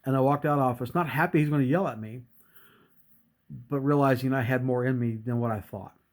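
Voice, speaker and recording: A man's voice: medium pitch, fairly quick. A middle-aged man giving an earnest motivational talk, telling a story and acting out bits of dialogue. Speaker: motivational speaker.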